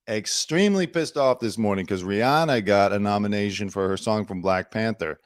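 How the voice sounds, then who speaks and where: A man's voice: deep voice, fast talker, hardly any pauses, no echo, clean studio sound. A man hosting his own news commentary show, chatty and opinionated with sarcastic asides. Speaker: host.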